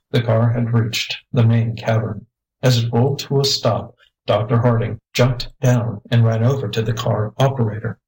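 A male audiobook narrator telling an adventure story in an even, unhurried way. His voice sits at a plain middle pitch, steady from line to line. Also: low-quality recording. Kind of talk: scripted narration.

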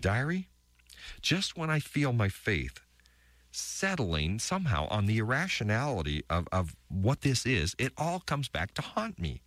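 A man's voice: mid-range voice, wildly swooping pitch, fairly bright tone, no room sound. Guy reading as a worn-out frustrated ark builder's wife, stammery diary voice swinging all over, dry close sound. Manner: emotional, halting diary reading with stammered restarts. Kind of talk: dramatic reading of diary entries.

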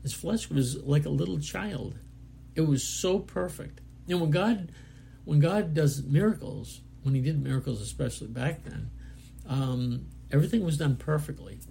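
A man's voice: fairly high pitch, expressive, moderate pace, vocal fry, mellow, a little hiss or hum. A man giving a sermon, reading scripture aloud and explaining it in an earnest, plainspoken way with frequent restarts. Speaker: preacher.

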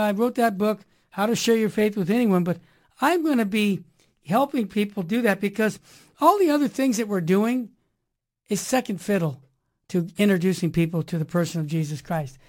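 A woman hosting a Catholic radio talk show, speaking in an energetic, preachy way and repeating rhyming slogans. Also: fairly high pitch.

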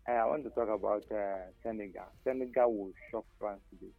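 A man's voice: on the low side, steady tone, fairly quick, creaky, no echo, narrow, tinny audio, soft background music. A tired man with a Nigerian accent calling in to a radio sports show, laid-back and talking in pidgin. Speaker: caller. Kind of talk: phone-in call.

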